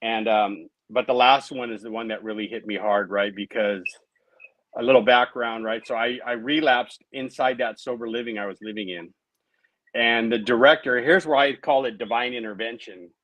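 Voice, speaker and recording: Sounds like a man in his late thirties talking as an interview guest, telling his own recovery story at an easy, conversational pace. His voice sits in a middle range, neither deep nor high, and he keeps checking in with "right?" and "you know" as he goes. The sound is dry and close, with no room echo. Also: fairly even intonation, moderate pace, a bit bright, dull audio. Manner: conversational, many tag questions and fillers.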